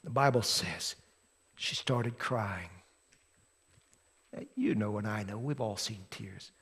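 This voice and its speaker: A man preaching a sermon as pastor, telling the story dramatically and swinging from loud to hushed. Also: fairly low pitch, takes it slowly, husky. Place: church sanctuary. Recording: long hall reverb from a church.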